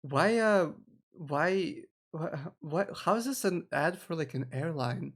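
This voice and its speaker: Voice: medium pitch, lively intonation, takes it slowly. Rambling streamer reacting live. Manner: rambling, confused, lots of restarts and laughs. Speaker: VTuber streamer.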